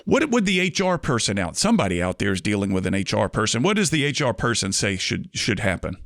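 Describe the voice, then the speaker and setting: A man hosting an interview podcast, asking questions in a measured, conversational way. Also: lowish voice, very animated, fairly bright tone, dry recording, clean studio sound. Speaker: podcast host.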